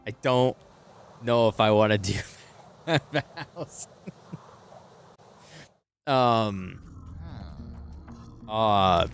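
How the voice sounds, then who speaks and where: Giggly, unhurried male game streamer. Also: lowish voice, gravelly, faint music behind. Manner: giggly, self-deprecating, chatty with viewers. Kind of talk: casual gameplay commentary.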